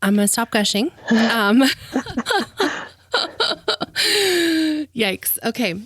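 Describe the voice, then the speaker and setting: A woman's voice: mid-range voice, a little slow, no echo. A woman hosting an interview podcast, gushing and emotional, often near tears and laughing. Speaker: podcast host. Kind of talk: heartfelt interview.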